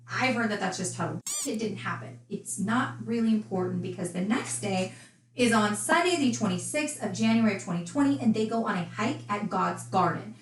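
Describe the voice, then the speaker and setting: A woman's voice: medium pitch, fairly bright tone, roomy sound, slight background noise, low-quality recording. A woman casually recounting a true crime case, chatty and indignant in her asides.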